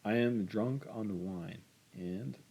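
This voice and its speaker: A drunk, maudlin man who talks slow and heavy, as a male reader puts him on. Low and husky, in a storybook reading. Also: mellow, exaggerated voice, poor audio. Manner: slow, heavy, self-pitying.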